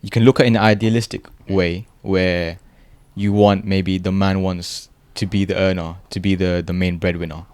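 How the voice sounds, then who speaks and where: A man's voice: deep voice, little pitch movement, moderate pace, hardly any pauses, a little mellow, smooth, dry recording. A man co-hosting a casual podcast discussion, explaining his points through long worked examples. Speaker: podcast co-host.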